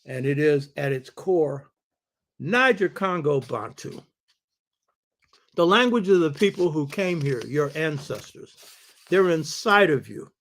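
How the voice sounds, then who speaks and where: A man's voice: a little high, lively intonation, measured pace, long pauses. A man hosting and lecturing on history and culture, emphatic and preacherly, stressing his points by repeating them and throwing rhetorical questions at the listener. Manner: repeats key phrases for stress. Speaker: host and lecturer.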